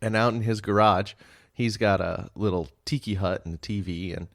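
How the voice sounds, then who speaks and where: Tired podcast co-host, lively storyteller with a low voice, dry close mic, laughs a lot. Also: male voice, normal speed, no room sound. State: tired after a night shift. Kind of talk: casual chat.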